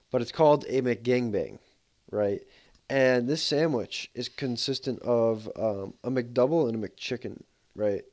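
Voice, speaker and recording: Streaming a game, a man chats in a rambling, laid-back way packed with fillers. His voice is on the low side and a little mellow.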